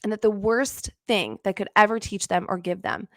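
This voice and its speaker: A woman's voice: mid-range voice, fairly even intonation, normal speed, no room sound. Earnest middle-aged woman host for a faith-based podcast monologue, storytelling tone, mid-range voice, dry booth sound. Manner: earnest storytelling, acts out her own past lines. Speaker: podcast host and business coach.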